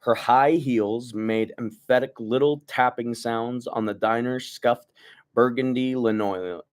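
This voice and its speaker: A man's voice: medium pitch, unhurried. Young guy, casual read-aloud, stumbles on words, jokey rants. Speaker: book reader.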